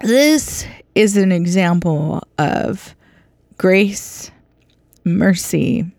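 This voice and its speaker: A woman giving an informal, earnest bible teaching, halting with many restarts. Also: fairly low pitch, lively intonation, vocal fry, a little mellow, dry recording, clean studio sound.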